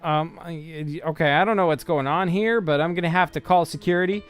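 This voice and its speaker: A nervous, stubborn male janitor voiced by a man, stammering through a string of "uh"s. The voice is clear and smooth and sits slightly high. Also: fairly even intonation, a little fast, soft background music, close to an everyday voice. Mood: flustered. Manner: stammering, full of "uh"s.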